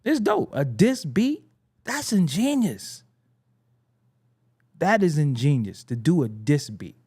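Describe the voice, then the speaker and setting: A young man from the United States rants to his audience in a loose, profane ramble full of restarts and chuckles. His voice sits a touch high and swings widely in pitch as he gets worked up. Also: very animated, slow pace, dark tone, slightly rough. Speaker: hip-hop commentary host. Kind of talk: casual rant to camera.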